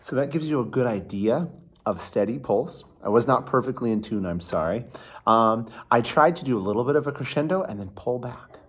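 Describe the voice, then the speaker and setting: Man teaching violin, lively voice. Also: medium pitch, fairly quick, slightly rough. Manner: counts beats aloud and sings rhythms; chatty with frequent fillers. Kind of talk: casual music lesson.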